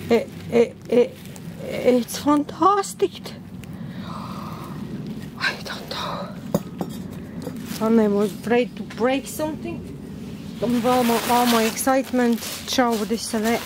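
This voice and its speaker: High-voiced woman gasping over an unboxing. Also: noisy background. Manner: gasping and exclaiming, halting non-native English. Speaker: plant vlogger. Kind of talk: unboxing vlog.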